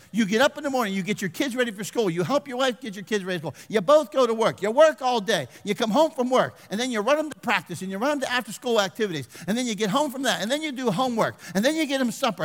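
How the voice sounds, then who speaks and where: An older man preaching a folksy sermon as pastor, swinging from loud exhortation to hushed asides and calling for amens. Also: very high-pitched. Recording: long reverb of a large hall.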